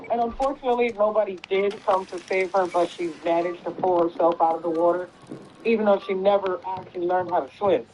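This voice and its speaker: Animated woman streamer retelling a story. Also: medium pitch, normal speed, noisy background. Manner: animated retelling with lots of swearing and acted quotes. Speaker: gaming streamer. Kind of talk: casual storytelling while playing.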